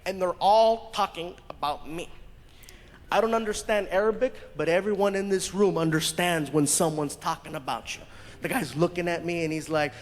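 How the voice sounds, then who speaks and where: This high-voiced comic moves at a moderate pace, performing a story on a live comedy stage and voicing the people in it animatedly while laughing along. It's a recording of the live show replayed in a hall with audience sounds audible.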